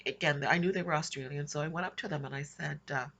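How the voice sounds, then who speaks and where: A woman's voice: low voice, fast talker, creaky, fairly bright tone. A woman casually recounting her dreams in a rambling way, with frequent restarts and little laughs. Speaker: Christian vlogger recounting dreams. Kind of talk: casual spoken storytelling.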